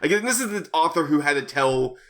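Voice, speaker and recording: A man's voice: on the high side, expressive, brisk, fairly bright tone. A man co-hosting a comedy podcast, reading fanfiction aloud with wry, laughing asides.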